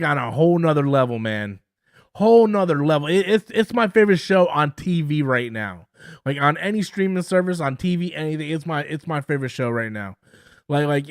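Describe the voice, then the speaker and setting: A man's voice: a little high, no room sound, studio quality. A man hosting a casual live-stream review at home, talking enthusiastically and often stumbling over and repeating his words. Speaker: show review host.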